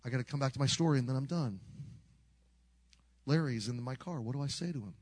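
An older man preaching a storytelling sermon, animated, swinging from loud to hushed, with a gravelly voice. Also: mid-range voice, fast.

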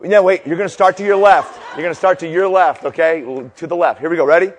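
This pastor's voice is on the high side and he talks fast, preaching to a live audience in a large hall with long reverb. Animated and jokey, he tells stories and gets the crowd cheering.

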